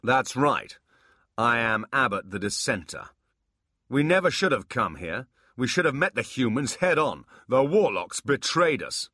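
A man voicing a proud, hostile demon warrior leader who speaks loudly and accusingly, close to shouting. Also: medium pitch, sing-song, a little slow, dry recording, voice pushed up, heavily acted. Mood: blustering. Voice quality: loud, raised, shouting. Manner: blustering, accusing.

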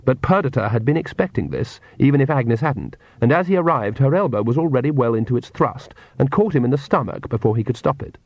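A man narrating an audiobook in a measured, clear storytelling manner. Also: medium pitch, animated, darkish tone, no echo. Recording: dull, dry lo-fi recording.

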